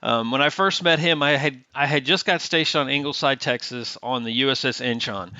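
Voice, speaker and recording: A man's voice: medium pitch, a little fast, pushed and bright, no room sound. A man, a Navy veteran guest, telling stories in a casual, chatty way with plenty of fillers, on slightly dull, lo-fi audio. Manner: chatty, many fillers, re-enacts dialogue. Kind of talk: casual storytelling interview.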